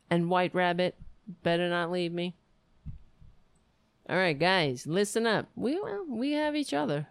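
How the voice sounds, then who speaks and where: A woman's voice: fairly low pitch, smooth, no room sound. A woman hosting a livestream, rambling and venting affectionately to her viewers as she signs off. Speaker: livestream host. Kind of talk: casual stream sign-off chat.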